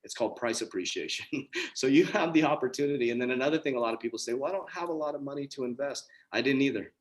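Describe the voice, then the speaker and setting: Man, forties, motivational coach, earnest and emphatic, repeats himself for effect, mid-pitched voice, video call. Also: rapid-fire. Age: 40s. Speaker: coach and community host. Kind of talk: motivational talk on a group call.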